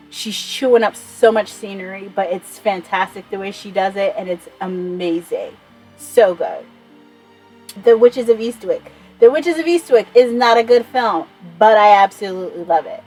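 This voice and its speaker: Rambling, excitable woman vlogger. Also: medium pitch, rough recording. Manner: rambling, enthusiastic, swears freely. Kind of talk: casual chat.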